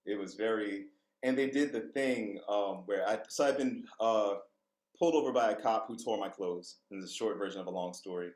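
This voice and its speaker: A man's voice: fairly low pitch, brisk. Man telling candid stories in a roomy space. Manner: candid, lively storyteller who laughs and swears freely. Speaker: vocal coach, podcast guest. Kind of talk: casual storytelling interview.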